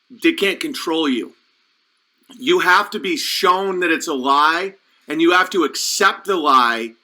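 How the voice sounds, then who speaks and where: Fired-up male podcast host, emphatic and preachy, with a high, piercing, sharp tone. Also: poor audio. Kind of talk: impassioned conspiracy monologue.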